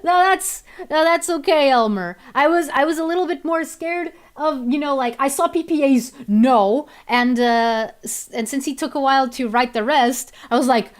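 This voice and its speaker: A woman's voice: high voice, moderate pace, hardly any pauses. A woman chatting casually on a stream, rambling with many restarts and easy laughs. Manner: rambling, restarts often, laughs easily, switches to Portuguese. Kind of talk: casual chat while worldbuilding.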